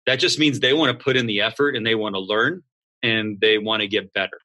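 A man who founded a school, talking in a relaxed interview and acting out students and coaches in quick voices. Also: fairly low pitch. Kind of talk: casual interview talk.

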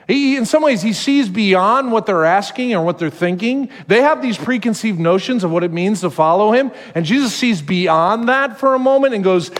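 A male pastor giving a sermon in a conversational, animated storytelling manner. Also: high-pitched, normal speed, few pauses, big-room sound.

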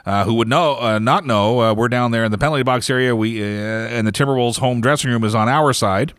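A man's voice: medium pitch, a little fast, a bit bright, clear, resonant tone, no room sound. Dry, rambling man. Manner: rambling storyteller, many fillers and chuckles. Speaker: podcast host. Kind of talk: casual sports podcast chat.

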